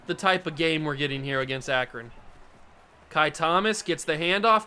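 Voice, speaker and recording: A man's voice: fairly high pitch, normal speed, pushed and bright, slight background noise. A young man hosting a football video game playthrough, commenting casually and mocking himself as he swings between groans and yelps. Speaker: gaming YouTuber host.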